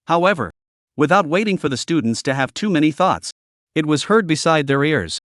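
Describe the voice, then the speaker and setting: A man narrating a story recap in a steady reading voice with stiff, literal phrasing. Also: a little high, brisk, no room sound, studio quality.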